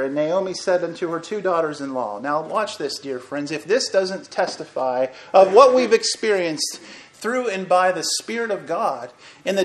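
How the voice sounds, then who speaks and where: A man preaching a sermon, reading scripture in old-fashioned wording, swelling loud and then dropping almost to a hush. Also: on the high side.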